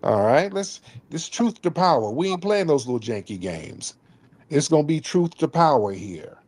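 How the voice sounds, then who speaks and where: A man with a high, very lively voice hosts a news commentary show. He talks emphatically and scolds, repeating himself for stress. His pitch leaps around constantly. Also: normal speed, a little hiss or hum. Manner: mimics others in mocking voices. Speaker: host.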